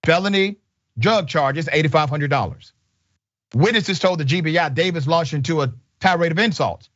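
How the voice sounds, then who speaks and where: A man's voice: on the high side, normal speed, fairly bright tone, lo-fi sound. A man hosting a news commentary show, emphatic and indignant, speaking in short punchy sentences. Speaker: show host.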